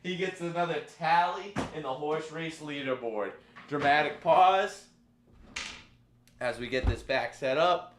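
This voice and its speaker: A man hosting a live stream, calling a chat horse race with animated play-by-play and banter. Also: a little high, measured pace, reverberant, a little hiss or hum. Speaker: stream host.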